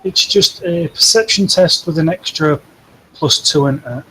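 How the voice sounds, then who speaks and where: A man's voice: fairly high pitch, normal speed, bright, forceful tone, breathy edge, rough recording. A man playing a tabletop role-playing game, asking eager questions about the rules in casual talk. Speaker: player.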